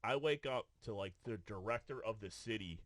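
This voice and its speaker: Bright-voiced man telling a rowdy story. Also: on the low side, normal speed, no echo. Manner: profane storyteller, many restarts, acts out quotes. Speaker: podcast co-host. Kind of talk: casual chat. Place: podcast studio.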